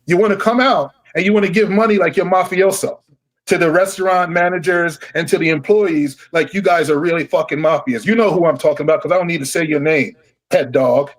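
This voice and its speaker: A furious middle-aged man vents in a profane podcast rant, his voice pitched a little high. He hammers each point with emphatic, heated force and sounds worn out. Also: fairly quick. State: tired. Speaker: guest.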